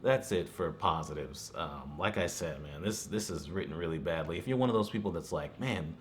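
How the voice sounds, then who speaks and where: A man talks through a movie review in a loose, rambling way, dropping "you know" and small chuckles as he goes. His voice is very low. A faint hiss runs underneath. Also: lively intonation, fairly quick. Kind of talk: casual spoken review.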